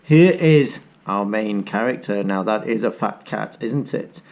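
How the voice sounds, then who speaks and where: A middle-aged teacher reading a picture book aloud to young children, coaxing them to join in. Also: male voice, on the low side, lively intonation, a little slow, darkish tone.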